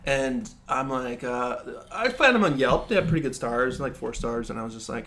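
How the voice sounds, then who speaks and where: A man co-hosting a podcast who tells stories in animated casual chat, swearing freely. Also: mid-range voice, normal speed, hardly any pauses, slight background noise. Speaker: podcast co-host.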